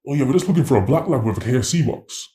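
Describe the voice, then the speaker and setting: A man's voice: medium pitch, lively intonation, racing, warm tone, roomy sound, pitched above the performer's own voice, natural voice. A man voicing a casual, joking male British police officer with an offhand, matey manner.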